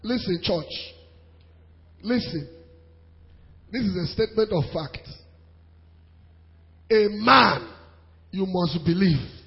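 Male preacher, animated sermon delivery, high voice, muffled sound with a long hall echo. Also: takes it slowly, creaky, long pauses. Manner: animated preaching with pidgin asides and laughter. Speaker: pastor. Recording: dull sound in a reverberant hall.

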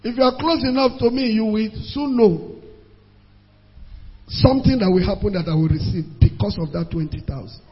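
A male pastor preaching a sermon, emphatic and repeating words for stress, sometimes rising to loud outbursts. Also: sits high, moderate pace, breathy edge. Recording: muffled sound with long hall reverb, faint music.

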